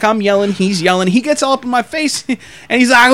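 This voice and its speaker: A man swapping crude stories with a friend, swearing freely and animated. His voice is pitched unusually high for a man. He tells the story like casual banter. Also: brisk. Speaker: podcast co-host telling a work story. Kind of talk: casual chat.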